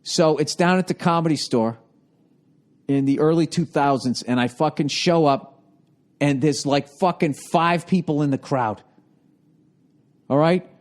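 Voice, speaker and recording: A man's voice: on the high side, measured pace, long pauses. A man in his forties telling an exasperated, heavily profane comic story, his voice jumping up when riled. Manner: exasperated, swears constantly, voice jumps up when riled. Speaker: comedian.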